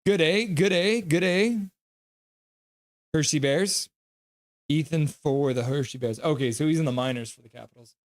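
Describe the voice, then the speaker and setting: A young man runs a live stream where he calls hockey play-by-play in a joking, chatty manner and reads out viewer comments. His voice sits at medium pitch, with no echo.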